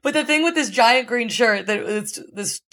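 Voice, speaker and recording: A woman co-hosting a podcast in an apartment, telling stories with animated, joking delivery. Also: on the high side, normal speed. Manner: animated storytelling. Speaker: podcast co-host. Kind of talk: casual comedic chat.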